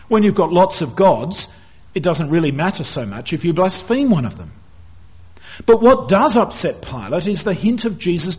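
A man giving an expository Bible teaching, his voice slightly husky and pitched a bit high. He swings widely in pitch, rising for emphasis and sinking low at the ends of phrases. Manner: expressive, wide-ranging delivery, dropping low at phrase ends. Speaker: preacher.

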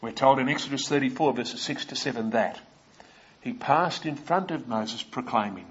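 A man with an Australian accent preaching an expository sermon in a measured, explanatory way, with many "uh" fillers and asides to the listeners. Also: mid-range voice, breathy edge, dull audio.

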